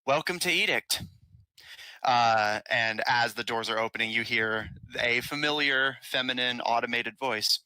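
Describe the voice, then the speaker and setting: A man narrating as game master of a tabletop game, halting with many fillers. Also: mid-range voice, little pitch movement, sharp tone, smooth, no echo, poor audio.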